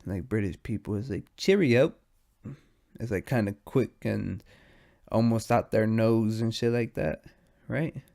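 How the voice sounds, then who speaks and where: Gravelly, rambling stoned man. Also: fairly low pitch, level tone, measured pace, warm tone. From United States. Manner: rambling, slangy, profane. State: high and sleepy. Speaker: podcast host. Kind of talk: casual stoned monologue.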